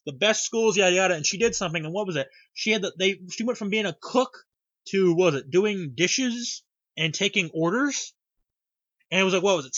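A man's voice: high-pitched, pushed and bright, no room sound, lo-fi sound. A young man in casual chat, rambling through a story, acting out quoted lines and swearing freely. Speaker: podcast co-host recapping a reality cooking show.

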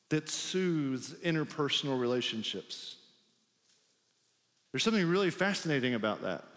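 Man, pastor, casual sermon, lots of filler "like", high voice. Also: a bit bright, big-room sound. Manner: conversational, heavy on filler "like".

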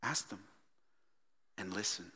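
A male pastor preaching a sermon earnestly, moving from hushed whispers to fervent exhortation. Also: low-pitched, slow pace, slightly rough. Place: church sanctuary. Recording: reverberant church hall.

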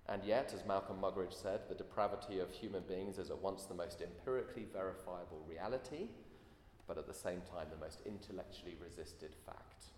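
A man's voice: deep voice, a little mellow. A man preaching a sermon in an earnest way, full of rhetorical questions. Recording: echoey hall, faint room noise.

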